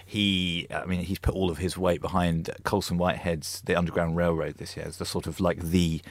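A man hosting a relaxed studio radio chat, chatty and quick to laugh. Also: low voice, no echo. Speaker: radio host. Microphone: studio microphone.

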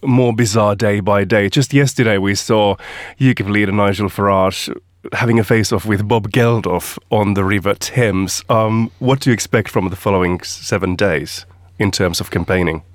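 A man hosting a broadcast panel discussion and putting measured questions to his guests. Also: fairly low pitch, no echo, studio quality. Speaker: host.

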